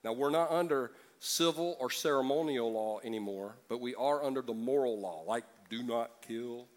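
A man's voice: mid-range voice, normal speed. A man preaching a sermon as pastor, joking and acting out voices from the congregation.

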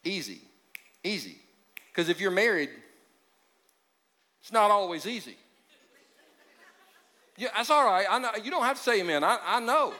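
A man preaches a sermon in a loose, joking way, his voice sitting a little high. He drops to a quiet hush to stress a point. The long reverb of a large church hall trails behind every word. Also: very animated, normal speed, pauses often, a faint crowd. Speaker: pastor.

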